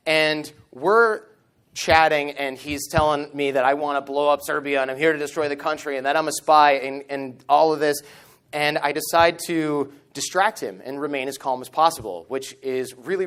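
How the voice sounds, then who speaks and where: A man in his thirties tells a tense story from a conference stage, his voice sitting a little higher than most men's. He is animated and slips into the lines of the people he quotes as he goes. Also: moderate pace, clean tone. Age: 30s. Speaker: conference speaker. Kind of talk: storytelling keynote talk. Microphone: stage microphone.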